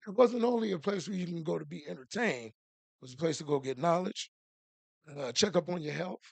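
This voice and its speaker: A man co-hosting a podcast in relaxed casual chat, slangy and full of shout-outs. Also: a little high, fairly quick, creaky, dry recording. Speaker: podcast co-host.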